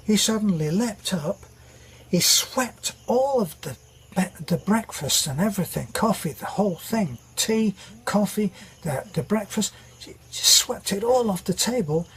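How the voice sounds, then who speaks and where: A man's voice: high-pitched, expressive, measured pace, a bit bright, a little hiss or hum, pitched above the performer's own voice, full character voice. A man voicing a delighted wife who tells her story in a breathless, gushing rush. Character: delighted wife recounting a wild breakfast.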